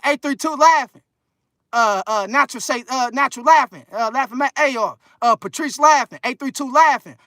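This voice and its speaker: An extremely high, bright and forceful male voice comes from a livestreamer in his thirties casually reading chat, rambling with slang and lots of fillers. The studio sound is clean and echo-free.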